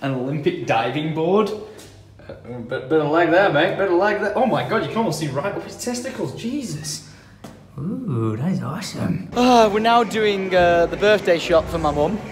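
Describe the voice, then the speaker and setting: A man vlogging casually from a hotel restaurant, excitable and jokey, swearing casually. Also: high-pitched, moderate pace. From England. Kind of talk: casual vlog chat. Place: hotel restaurant high up a tower, indoors. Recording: music and crowd chatter behind.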